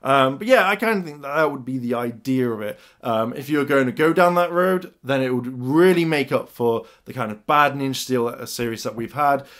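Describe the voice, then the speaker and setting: A young man talking excitedly as a YouTuber in a casual fan theory vlog, acting out little bits of dialogue as he goes. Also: mid-range voice. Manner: excited, animated storytelling with quick acted asides.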